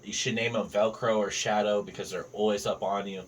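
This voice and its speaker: A man's voice: fairly low pitch, level tone, brisk. A man telling jokes and stories in casual, profane podcast banter. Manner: joking storyteller, swears freely. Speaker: podcast guest comedian. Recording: distant mic with faint ambient noise.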